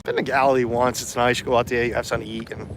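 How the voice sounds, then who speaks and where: A man with a cold livestreams as a vlogger on a hot town street, chatting casually and answering viewers' comments. His medium-pitched voice is flat and very fast, with a noisy background.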